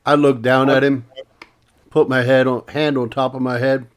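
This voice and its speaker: A man's voice: medium pitch, level tone, moderate pace. A man playing a tabletop game, joking casually. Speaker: player.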